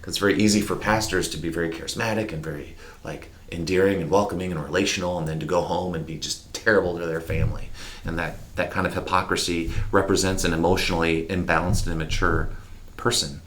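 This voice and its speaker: Interview guest, male, very deep voice, candid reflective storyteller, animated delivery. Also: fast talker, a little hiss or hum. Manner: candid, animated, mimics horn sounds.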